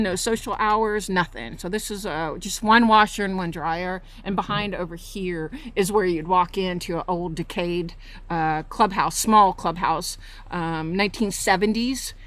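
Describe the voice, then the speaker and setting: A woman's voice: fairly low pitch, unhurried, fairly bright tone. Indignant woman filming her park outdoors. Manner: indignant, accusing, points things out as she walks. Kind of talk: walking tour vlog with complaints. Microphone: phone camera held while walking.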